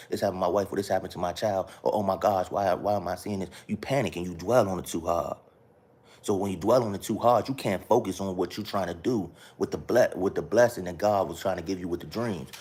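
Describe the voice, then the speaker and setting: A low-voiced man with a husky, slightly rough tone talks to his live-stream viewers like a casual preacher. He is earnest and repeats himself, often urging listeners to walk with him. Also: darkish tone. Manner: earnest, repetitive, keeps asking viewers to follow along. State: talking softly at times so his sleeping kids stay asleep. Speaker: live-stream host sharing a spiritual message.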